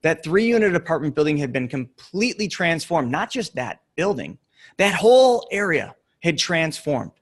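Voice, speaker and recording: A middle-aged man giving an earnest motivational talk, telling a story with emphatic pauses. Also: fairly high pitch, big pitch swings. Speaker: real estate investor and coach.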